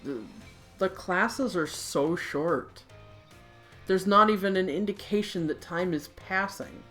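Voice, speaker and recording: A woman's voice: on the low side, takes it slowly, a bit bright, soft background music. A woman giving sarcastic, wry let's play commentary while reading in-game dialogue.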